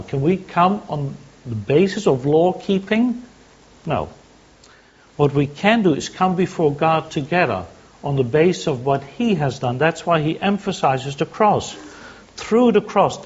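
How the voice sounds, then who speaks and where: Guy preaching, kinda high voice, husky, lo-fi sound. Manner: teaching, asks and answers his own questions. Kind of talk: sermon.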